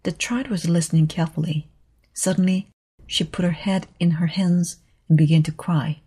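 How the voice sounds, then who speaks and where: A woman reading a storybook aloud slowly and carefully for learners. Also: on the low side, fairly even intonation, dark tone, breathy edge. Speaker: reader of a storybook.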